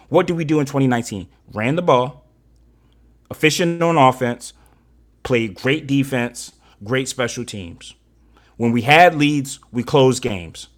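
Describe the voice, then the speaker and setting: A man co-hosting a sports talk show, ranting angrily and profanely about his team's coaching and drafting. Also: mid-range voice. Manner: angry, profane ranting, rising to shouts. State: fired up and frustrated. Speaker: sports podcast co-host. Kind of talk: heated casual sports rant.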